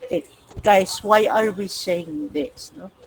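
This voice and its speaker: Filipina teacher lecturing her class online, medium pitch, steady explaining, faint background noise. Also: slow pace, rough recording. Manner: explains step by step, often adds a questioning "no?" to check students follow. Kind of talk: online class lecture mixing English and Tagalog.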